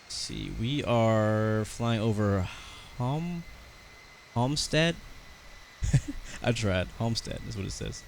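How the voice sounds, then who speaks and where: A man's voice: lowish voice, expressive, takes it slowly, creaky, darkish tone, a little hiss or hum, low-quality recording. An American man chatting casually and rambling through live commentary on his flight sim stream, talking to his viewers.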